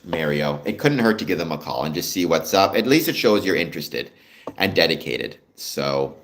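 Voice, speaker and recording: A Canadian man hosting a casual livestream, chatting and answering viewer comments as they come in. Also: medium pitch. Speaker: livestream host. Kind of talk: casual live-stream chat with viewers.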